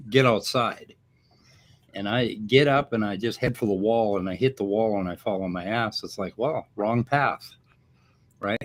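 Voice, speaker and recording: A man co-hosting a casual chat show, rambling and a bit profane as he tells stories. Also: mid-range voice. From Minnesota, USA. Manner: rambling, profane, animated storytelling. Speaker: podcast co-host.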